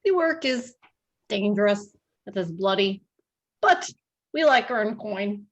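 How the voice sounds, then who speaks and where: Woman doing a gruff hunter with a thick Russian accent. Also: mid-range voice, expressive. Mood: gruff matter-of-fact. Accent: put-on thick Russian accent. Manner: broken clipped English, slow and blunt. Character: stern weathered bald bearded male hunter.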